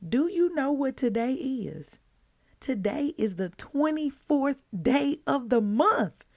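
Slow, gravelly-voiced woman podcast host. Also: high-pitched. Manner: emotional, earnest, rising to excited outbursts. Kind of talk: devotional podcast talk.

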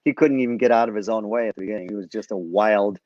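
A man's voice: fairly low pitch, quick pace, a little mellow, no echo. An older man and senior martial arts teacher in casual conversation, answering with brief agreements and telling anecdotes over dull, lo-fi call audio.

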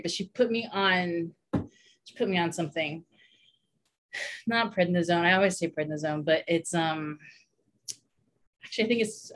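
A woman's voice: fairly low pitch, fairly bright tone. Chatty woman telling a story, laughing. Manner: chatty, many fillers, laughs often. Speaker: guest telling a personal story. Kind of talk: casual podcast chat.

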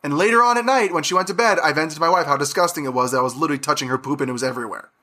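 A man hosting a podcast, telling animated stories about his young daughter and acting out their exchanges. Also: on the high side, very fast. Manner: animated storyteller, acts out his daughter's lines. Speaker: podcast host. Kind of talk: podcast interview.

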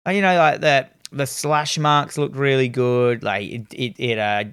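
A man, casually reviewing horror films with a co-host, animated and swearing freely as he retells scenes. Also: mid-range voice, a little slow, clear, resonant tone, no room sound, clean studio sound. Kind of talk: casual film review chat.

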